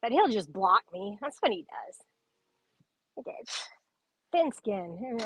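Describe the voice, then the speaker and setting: A woman's voice: medium pitch, animated, a little slow, pauses often, breathy edge, rough recording. A young woman chatting casually on a livestream, reading viewer comments, laughing often and swearing freely.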